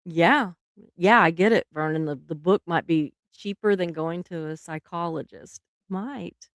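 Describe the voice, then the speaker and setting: A woman's voice: on the low side, a little slow, no echo, clean studio sound. A middle-aged woman, hosting a casual live stream, chatty and laughing often, trailing off mid-sentence.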